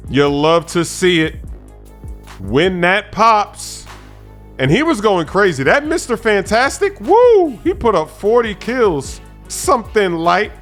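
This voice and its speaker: A man giving chatty, animated gameplay commentary as a gaming channel host, repeating himself for emphasis. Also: high voice, slow. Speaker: gaming YouTuber. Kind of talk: gameplay commentary over footage. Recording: faint background music.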